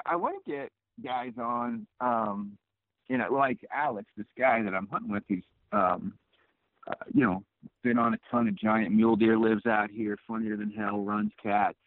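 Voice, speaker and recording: A man's voice: lowish voice, no echo. A man talking as a podcast guest over the phone, loose and rambling, swearing freely and filling with "you know" and "um". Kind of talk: casual phone chat. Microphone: phone call. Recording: tinny dry phone line.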